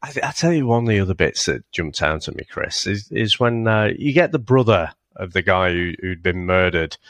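A man's voice: deep voice, animated, brisk, fairly bright tone, no echo. A man co-hosting a podcast, chatting casually and rambling about a film, swearing and laughing often. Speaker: podcast co-host. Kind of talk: casual film-review chat.

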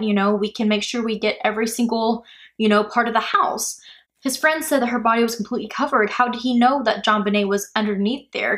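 A woman's voice: on the high side, fairly bright tone. Chatty woman hosting a true crime podcast. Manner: chatty, speculative, lots of "like" and "you know". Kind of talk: casual true crime narration. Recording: faulty mic audio.

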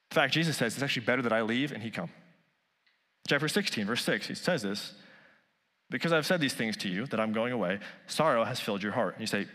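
A male pastor preaching a sermon, rising loud on key points and dropping soft on others. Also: medium pitch, big-room sound.

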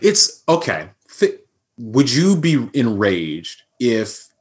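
A man's voice: medium pitch, takes it slowly, slightly rough. A man co-hosting a podcast, ranting in casual banter with mock outrage. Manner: animated, mock-outraged ranting about collecting. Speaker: podcast co-host.

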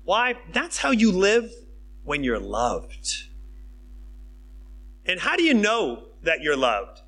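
Animated, bright-voiced male preacher. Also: sits high, slow pace, gravelly, a little hiss or hum. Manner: emphatic, conversational preaching that swings between hushed and excited. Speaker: pastor. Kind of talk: sermon.

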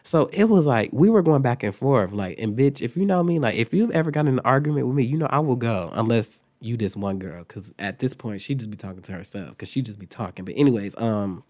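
A young man telling a childhood story in a casual vlog, animated and profane, acting out his own reactions. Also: medium pitch, fairly quick, hardly any pauses. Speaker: vlogger.

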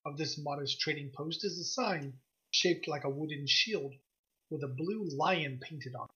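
A man as game master, narrating a tabletop game in a relaxed way with fillers. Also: fairly high pitch, unhurried, breathy edge. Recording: dull lo-fi recording.

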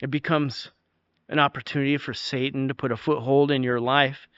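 A man's voice: mid-range voice, flat delivery, moderate pace, fairly bright tone, smooth, no echo, lo-fi sound. A male pastor preaching a sermon, emphatic, telling stories and laughing now and then.

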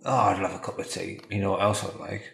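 A man voicing a hapless 55-year-old husband who loves DIY, in a low gruff mutter. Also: little pitch movement, quick pace, a bit bright, echoey room, exaggerated voice. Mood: amorous.

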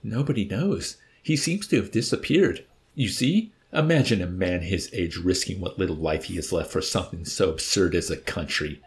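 A man's voice: deep voice, expressive, moderate pace. A man voicing a suave, mocking villainous old man in an audiobook. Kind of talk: audiobook character voice.

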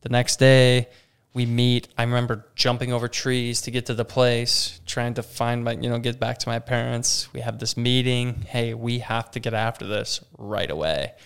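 Speaking at a normal pace in a mid-range voice that is gravelly yet clean, a young campground operations manager tells a story in conversation. He's animated, quoting people in their voices and using "like" often.

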